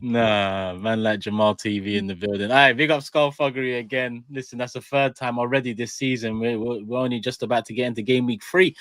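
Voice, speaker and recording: A man's voice: mid-range voice, flat delivery, brisk, hardly any pauses, a bit bright, no echo. A man hosting a football panel show, chatting casually and hyping up the episode with slang. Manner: laid-back, slangy, hype-building. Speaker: podcast host.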